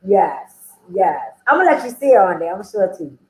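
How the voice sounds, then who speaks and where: A woman's voice: medium pitch, sing-song, normal speed. A woman frankly telling her own story as an interview guest, in a loose, conversational way. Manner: frank, conversational, with frequent "you know". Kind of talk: candid personal storytelling. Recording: roomy echo.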